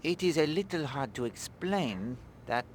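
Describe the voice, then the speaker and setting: Brief: a fussy, polite male game detective, formal, mid-high voice. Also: expressive, measured pace, a little hiss or hum. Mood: courteous. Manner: formal, courteous.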